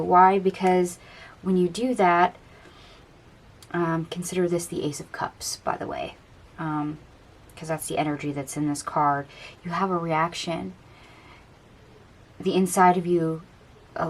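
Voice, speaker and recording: A woman giving a casual tarot card reading, chatty and dreamy, musing aloud over the cards in a gentle, encouraging way. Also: on the low side, fairly even intonation, unhurried. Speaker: tarot reader.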